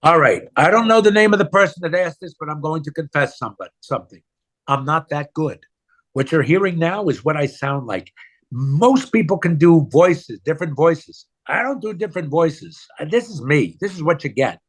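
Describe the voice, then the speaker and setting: Lively, husky-voiced man telling stories. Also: a little high, moderate pace. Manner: animated, self-deprecating storyteller. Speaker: actor guest. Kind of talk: conversational interview.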